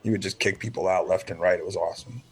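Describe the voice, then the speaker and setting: A man's voice: sits low, quick pace, breathy edge. A man co-hosting a casual podcast chat, telling rambling, profane stories and mimicking the people in them. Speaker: podcast co-host.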